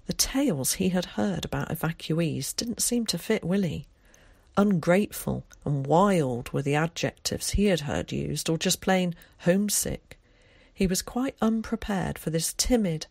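A woman reading an audiobook aloud in a steady, measured way. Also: sits low, creaky, husky, dry recording. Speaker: audiobook narrator. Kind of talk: scripted audiobook narration.

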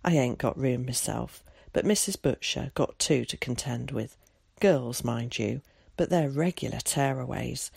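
Reader doing a nosy middle-aged village woman, chatty and gossiping, gravelly edge, storybook reading. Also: medium pitch, measured pace, a little mellow, no echo, clean studio sound, voice pushed down, full character voice. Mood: gossipy. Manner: chatty, gossiping rural dialect. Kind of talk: audiobook character voice.

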